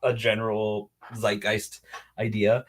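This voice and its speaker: A man's voice: monotone, a little slow. Laughing, chatty young man co-hosting. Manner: laughs often, quotes movie lines in a squeaky voice. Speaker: podcast co-host. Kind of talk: casual chat.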